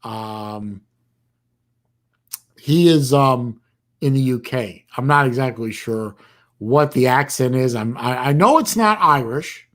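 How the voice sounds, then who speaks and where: A man hosting a casual livestream chat, talking in a rambling, halting way with bursts of dry sarcasm. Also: mid-range voice, expressive, fairly bright tone. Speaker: livestream host.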